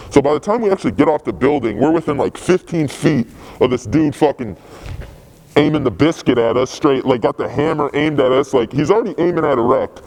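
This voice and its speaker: A man's voice: on the high side, expressive, a little fast, darkish tone, low-quality recording. A young man, a graffiti writer telling stories in a casual interview, laid-back, rambling and full of swearing.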